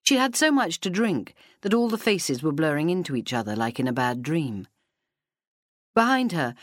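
A woman reading an audiobook novel aloud in a steady, measured way into a close mic. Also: low voice, no echo. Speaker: audiobook narrator. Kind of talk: scripted narration. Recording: dry studio sound.

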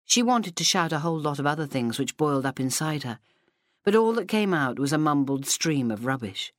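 A woman's voice: low-pitched, sing-song, a little fast, no room sound. Woman narrating an audiobook, dry. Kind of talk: scripted narration. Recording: dry studio sound.

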